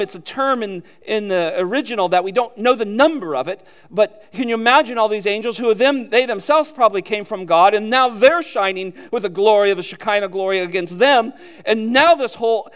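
A man's voice: high-pitched, a bit bright. A man preaching a sermon, earnest and emphatic, with repeated phrases and rhetorical questions to his congregation. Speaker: pastor.

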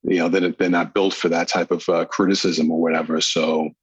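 A man's voice: deep voice, flat delivery, a little fast, breathy edge, no echo, dull audio. A man, a police detective as guest, talking in a laid-back, friendly way and leaning on "you know" a lot. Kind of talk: casual chat.

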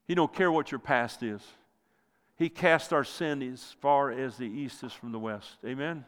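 A male pastor preaching a sermon with passion, rising loud and then dropping to near quiet. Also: measured pace, clean tone. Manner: impassioned preaching, swells loud then drops low. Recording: long hall reverb.

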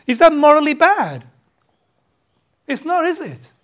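A preacher delivers a sermon with a lively, rising and falling pitch. He hammers home points with rhetorical questions, swinging from loud outbursts to quiet, hushed asides. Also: measured pace. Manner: emphatic, full of rhetorical questions.

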